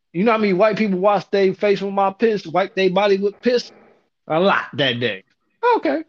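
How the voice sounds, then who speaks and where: A man's voice: moderate pace, no echo. A man telling a long, profane story to listeners, acting out the quotes with sudden jumps in voice. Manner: animated, profane, acts out quotes with big pitch jumps. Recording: dull lo-fi audio.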